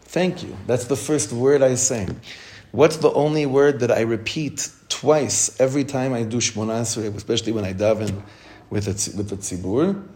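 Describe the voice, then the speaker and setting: A man with a mellow, warm voice at a mid pitch gives a Torah class to women. He keeps asking his listeners questions and answering them himself. He repeats phrases with feeling and mixes Hebrew terms into his English. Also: normal speed. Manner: heartfelt, repeats phrases for emphasis. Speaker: rabbi teaching a class.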